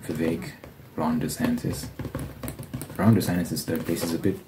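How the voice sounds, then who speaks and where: Very deep-voiced young man rambling. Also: fairly even intonation, moderate pace. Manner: rambling, opinionated, profane. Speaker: ASMR channel host. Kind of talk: casual ASMR chat. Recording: loud background noise and clicks.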